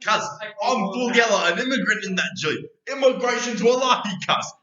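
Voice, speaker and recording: A man's voice: extremely high pitch, animated, normal speed, pushed and bright, echoey room, dull audio, voice pushed up, exaggerated voice. A man voicing a brash, slangy young Lebanese-Australian man with a Lebanese-Australian accent, ending his lines with "cuz". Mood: swaggering.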